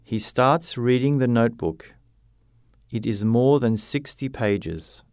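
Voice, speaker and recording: A man narrates a simple story at a deliberate pace, with a clear, plain delivery. His pitch sits in the middle but moves in lively rises and falls. The sound is dry and close. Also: no echo. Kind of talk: slow graded-reader story narration.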